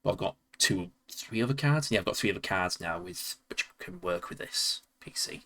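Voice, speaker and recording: A low-pitched, animated voice with vocal fry and a sharp tone comes from a Yorkshire-accented streamer from Leeds, England, talking at normal speed. He rambles and chuckles over old games in casual live-stream commentary, talking to himself as he plays.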